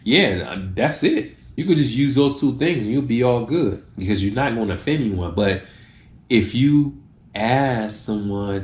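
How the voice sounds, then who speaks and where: A man's voice: medium pitch, lively intonation, unhurried, darkish tone, echoey room. A man hosting a video, giving casual tips straight to the camera and acting out little exchanges in other voices. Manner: acts out short exchanges in changed voices.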